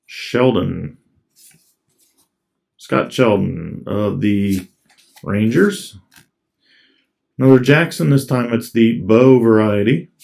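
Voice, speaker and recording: A man's voice: mid-range voice, vocal fry, a little mellow. A man casually commenting as he opens trading card packs, reading off each card in a laid-back way. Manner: laid-back, reads off cards as he goes. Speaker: card collector opening packs.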